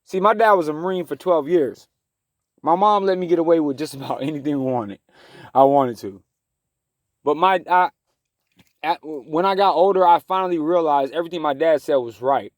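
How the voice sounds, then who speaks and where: Recorded dry, a fairly high-pitched male voice moves at a moderate pace through a heated, meandering personal monologue full of restarts. The speaker is a talk show host in his thirties who lives in his car in the woods.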